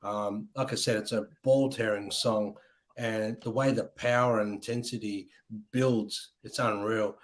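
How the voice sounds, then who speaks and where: A man's voice: lowish voice, steady tone, a little slow. A man hosting a casual music chat show, talking with enthusiasm and rambling with many ums. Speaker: podcast host.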